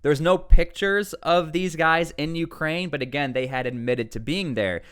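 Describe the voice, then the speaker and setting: Smooth-voiced man giving animated news commentary. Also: fairly high pitch, normal speed. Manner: animated, rises sharply on key words; reads out article text between remarks.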